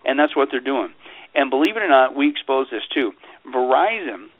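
A man is a guest on a call-in radio show, heard over a thin, tinny phone line with no room sound. His voice sits at an ordinary middle pitch. He talks in an animated, repetitive way and drops into sarcastic mock quotes. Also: moderate pace, no echo. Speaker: guest speaker. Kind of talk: radio interview talk.

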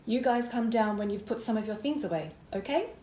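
A woman's voice: on the high side, a little fast, dark tone, echoey room, slight background noise, close to an everyday voice. A woman reading a caring mother who speaks firmly to her children. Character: firm but caring mother.

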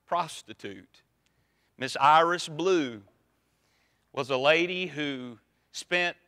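A Southern pastor from Louisiana preaching a sermon. His voice sits a bit high and sounds bright and forceful. He tells a story and swings between strong emphasis and quiet, drawn-out lines. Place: church sanctuary.

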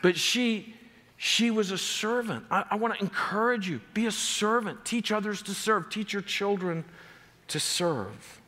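A man's voice: high-pitched, measured pace, pushed and bright, big-room sound. A man preaching a sermon as pastor, driving home numbered points with rising emphasis. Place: church sanctuary.

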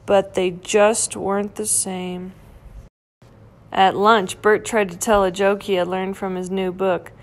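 A woman reading a children's picture book aloud in a gentle, clear storytelling manner. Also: mid-range voice, flat delivery, slow pace. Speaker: storybook reader.

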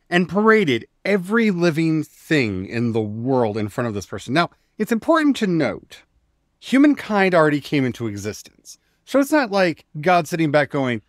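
A man's voice: mid-range voice, huge pitch swings, moderate pace, no room sound, studio quality. Wry, glib man telling a story. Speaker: podcast co-host. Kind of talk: casual religious discussion podcast.

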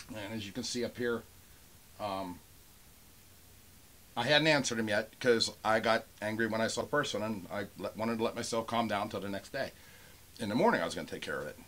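A man with a Pittsburgh accent, ranting with real heat and sarcasm at a buyer. He swears freely, mimics the messages he reads in a mocking voice, and sits at a middle pitch with no unusual tone. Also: a bit bright. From Pennsylvania. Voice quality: profane, heated, sarcastic. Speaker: toy seller and channel owner. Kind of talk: angry rant vlog.

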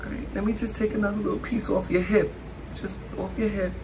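A food vlogger with a mid-range, gravelly voice talks quickly and flatly to her viewers over a noisy background. It's casual mukbang chatter, and she's dramatic and talkative, constantly calling her audience "y'all."

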